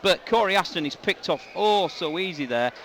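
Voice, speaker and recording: A man giving live radio commentary on a rugby league match, his voice rising into shouts on attacking plays. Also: high voice, animated, moderate pace. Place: stadium commentary position. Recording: outdoor stadium with loud crowd and noise.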